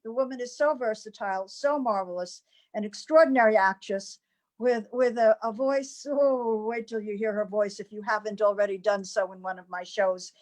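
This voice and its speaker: A woman's voice: mid-range voice, moderate pace, a little mellow. A woman hosting a variety show, introducing performers with effusive, gushing praise. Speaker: host and curator.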